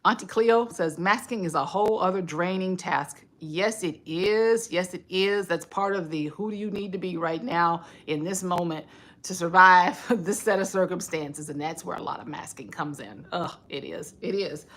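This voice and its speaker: A woman's voice: lowish voice, normal speed, fairly bright tone. A woman hosting a casual home livestream, talking through her thoughts in a reflective, conversational way with frequent fillers. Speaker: livestream host.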